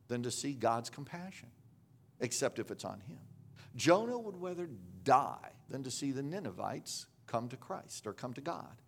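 A man's voice: a little high, very animated, unhurried. A man preaching a sermon in a conversational storytelling manner, with frequent restarts and asides.

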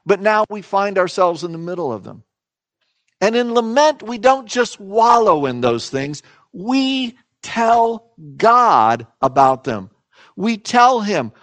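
Male pastor, sermon, earnest, emphatic, dramatic pauses, dry close sound. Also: sits high, a bit bright, dry recording.

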